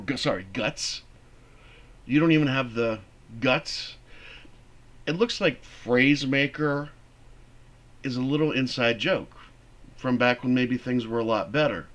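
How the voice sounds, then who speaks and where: A man teaching a theater class, explaining a play in an animated, conversational way. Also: medium pitch. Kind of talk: classroom lecture.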